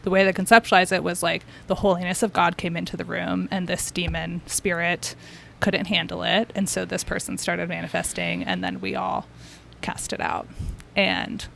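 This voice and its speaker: A woman's voice: on the low side, normal speed, gravelly, a bit bright, a little hiss or hum. A woman who works as a therapist, a podcast guest telling her story in a casual, chatty way with lots of fillers and restarts.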